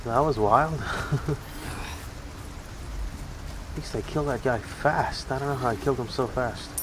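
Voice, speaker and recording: A man's voice: mid-range voice, measured pace, background noise. A man whose first language is Spanish, joking and swearing through a casual let's-play of a horror game. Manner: joking, profane, talks to the game characters. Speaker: gamer playing a horror game.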